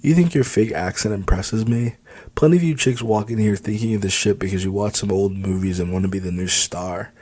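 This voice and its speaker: A rude female bartender, dismissive and sneering, read by a man in a low, ordinary voice. The lines come out scornful and quick to insult, like a side figure in an audiobook. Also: darkish tone, lightly acted.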